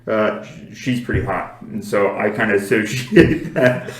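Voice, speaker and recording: A man's voice: fairly low pitch, steady tone, unhurried. A man co-hosting a podcast in casual chat, teasing and laughing often. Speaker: podcast co-host. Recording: echoey room.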